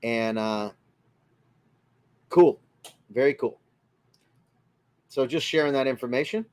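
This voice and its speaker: A man chats on a relaxed livestream from inside his RV. He talks at a middle pitch and greets his viewers one by one by name. His manner stays friendly and chatty. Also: takes it slowly. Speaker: livestream host. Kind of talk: casual livestream chat reading comments.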